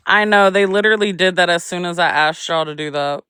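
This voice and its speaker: A woman's voice: on the low side, fairly quick, hardly any pauses, pushed and bright, clean tone, no room sound, studio quality. A young woman hosting a casual livestream, chatting with viewers in a drawling, chatty way and humming to herself between remarks. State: pregnant. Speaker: livestream host.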